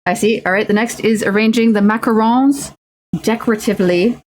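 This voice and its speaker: A woman's voice: fairly high pitch, steady tone, brisk, a little hiss or hum. A young woman streaming as she builds miniatures, chatting playfully and making silly sing-song noises. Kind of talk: casual chat while crafting miniatures.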